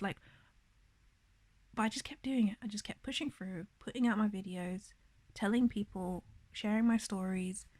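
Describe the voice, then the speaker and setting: A woman in a casual confessional vlog, lying in bed, talking softly and often half-whispering, rambling with many fillers, upset and in pain. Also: mid-range voice, dry recording. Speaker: vlogger. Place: in bed, indoors.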